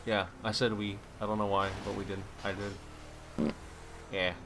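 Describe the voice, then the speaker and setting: A young man giving casual gaming commentary, swearing freely, laughing and reacting loudly to the game. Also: lowish voice, flat delivery, a little slow, noisy background. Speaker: gameplay commentator.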